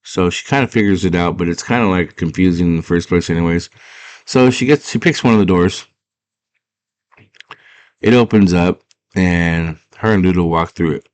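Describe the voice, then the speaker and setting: A man's voice: sits low, normal speed, pauses often, a little mellow, no room sound. A man casually retelling a movie plot, rambling and full of filler words. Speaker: storyteller.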